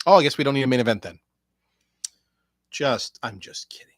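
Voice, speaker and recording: A man hosting a casual solo podcast, rambling and sarcastic, swinging between low mutters and loud outbursts. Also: expressive, fairly quick, pauses often, dry recording. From Canada. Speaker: podcast host previewing wrestling shows.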